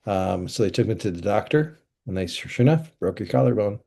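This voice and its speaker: A man's voice: on the low side, lively intonation, brisk, creaky, warm tone. A man who is a pastor, hosting a podcast in easygoing casual chat and rambling through stories. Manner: easygoing, chuckles, rambling storytelling.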